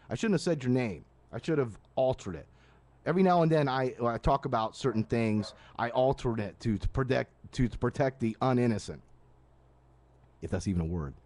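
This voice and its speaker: Male radio host, late-night live rant, animated pitch, casual and rambling. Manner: animated, casual, frequent restarts and asides. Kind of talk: live ranting monologue. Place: live stream studio at night.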